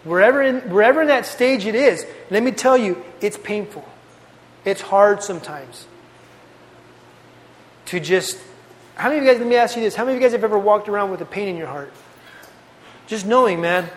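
A man delivers a youth sermon in an earnest, conversational way, looping back on his phrases for emphasis. His voice sits high. The sound carries a long reverb from a large hall. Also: animated, a little fast, long pauses. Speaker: youth pastor.

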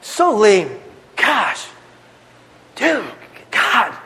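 A young man giving a casual, animated testimony to a youth group, telling his story with slang. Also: sits high, drawn-out words, gravelly. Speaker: youth speaker. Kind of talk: testimony sermon. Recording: long hall reverb.

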